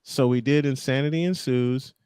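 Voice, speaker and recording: A man's voice: medium pitch, moderate pace, darkish tone, clean tone, no echo. A man hosting a casual talk show, telling stories with frequent laughs and restarts. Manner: laughing, storytelling, repeats himself. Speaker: show host. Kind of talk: casual podcast chat.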